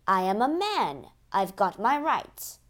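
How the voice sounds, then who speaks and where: A man's voice: high-pitched, huge pitch swings, takes it slowly, a bit bright, full character voice. A woman voicing a sullen, cowardly brute. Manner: sullen, snarling. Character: cruel, cowardly male dog-fight bully.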